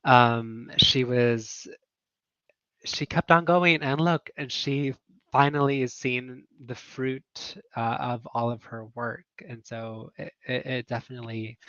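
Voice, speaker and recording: A man's voice: mid-range voice, steady tone, slow, fairly bright tone, clear, resonant tone, no room sound, lo-fi sound. A man coaching online teachers in a casual livestream chat, talking earnestly with many fillers and laughs.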